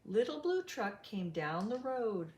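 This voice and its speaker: A woman reading a children's picture book aloud, slowly, with a sing-song storytelling manner. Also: medium pitch. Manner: slow, lively storytelling with sing-song voices for animals. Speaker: storybook reader. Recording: roomy echo.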